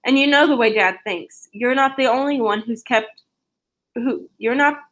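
A resentful middle-aged aunt with a sharp, accusing edge, read out by a woman. Her voice sits a little high, and she presses every complaint home. It sounds like a storybook read aloud. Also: normal speed, close to an everyday voice. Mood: bitter.

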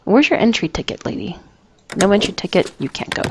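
A woman's voice: medium pitch, sing-song, a little fast. A woman giving flustered, self-mocking let's play commentary and talking back to the game characters. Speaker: gamer. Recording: noisy home recording.

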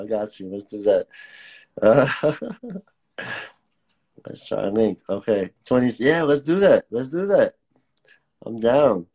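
A relaxed young man leads a live-streamed drawing class, chatting easily with viewers and reading their comments aloud. His voice sits fairly low, and his talk is loose and friendly while he sketches. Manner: laid-back, chatty, reads out viewer comments. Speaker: art teacher.

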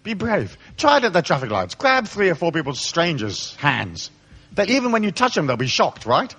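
Man, live spiritual talk, irreverent and joking, lively swinging pitch, fairly high voice. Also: brisk. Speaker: spiritual speaker. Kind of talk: live lecture to an audience.

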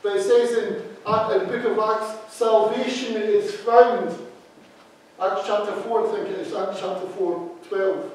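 Emphatic preacher in a very echoey church. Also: male voice, high-pitched, steady tone, unhurried. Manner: emphatic, repeats key phrases for stress. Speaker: associate minister. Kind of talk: sermon. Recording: very echoey hall, speaker far from mic.

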